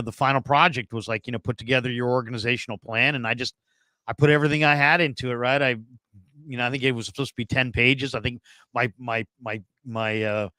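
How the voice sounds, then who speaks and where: Smooth-voiced man in his fifties. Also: mid-range voice, bright, forceful tone, no room sound. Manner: rambling, many fillers and restarts. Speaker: guest, former NFL scout turned radio host. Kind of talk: casual storytelling interview.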